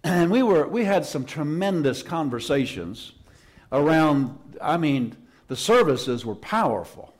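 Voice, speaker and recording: A man's voice: a little high, big pitch swings, measured pace. A man preaching a Pentecostal sermon in a church service, fervent and emphatic, repeating his key phrases for weight. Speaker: pastor.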